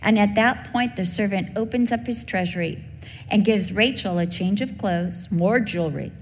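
A woman's voice: mid-range voice, moderate pace. A middle-aged woman preacher telling a heartfelt personal story in a sermon. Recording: long hall reverb, faint background hum.

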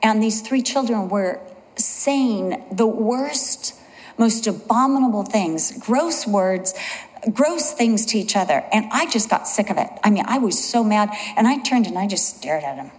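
A woman preaching a sermon, telling stories earnestly and slowing down with a lower voice to stress her points. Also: expressive, long reverb tail, low-quality recording. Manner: earnest storytelling, slows and drops low for emphasis.

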